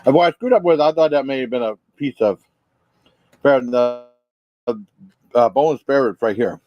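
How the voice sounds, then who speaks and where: A man's voice: mid-range voice, moderate pace, dull audio. A man on a livestream panel chatting casually and rating food plainly. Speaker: panel guest. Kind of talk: casual food review chat.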